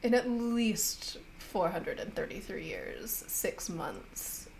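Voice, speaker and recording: A woman's voice: mid-range voice, very animated, takes it slowly, creaky, a little mellow, slight background noise, heavily acted. A woman doing a silky, amused fae lady. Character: ageless fae woman, sharp-toothed, amused, glowing.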